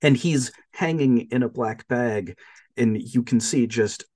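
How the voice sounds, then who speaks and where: A man's voice: mid-range voice, measured pace, darkish tone. A man co-hosting a podcast, recapping a movie in casual chat, telling it with animation, laughing often and using lots of fillers. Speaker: podcast co-host.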